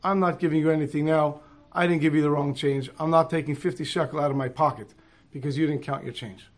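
A man's voice: on the high side, steady tone, fast talker, close to an everyday voice. A man voicing an exasperated male bus driver refusing to pay back money. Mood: firm. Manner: firm, exasperated.

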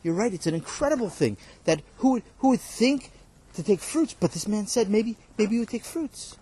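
A man teaching as a rabbi, telling a story to his students with gentle, patient encouragement. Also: high voice, animated, moderate pace, slightly rough. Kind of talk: storytelling lesson.

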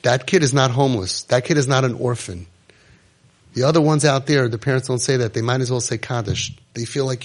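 Emotional man speaking to parents. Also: brisk. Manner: emotional, acts out parent and child voices, drops to soft low tones. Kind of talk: impassioned talk to parents.

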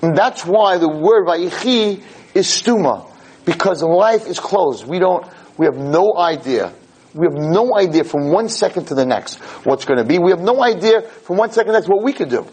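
A man giving a podcast Torah class in an animated way. He stumbles over repeated words as he builds each point and acts out parents and kids in quick asides. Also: high-pitched, breathy edge. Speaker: Torah lecturer.

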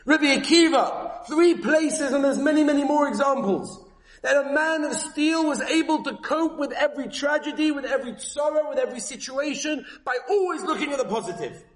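In a roomy-sounding setting, a rabbi with a high voice gives an emphatic Torah lecture at a moderate pace, using Yiddish-inflected Hebrew terms. When he voices quoted figures, he rises to a high pitch.

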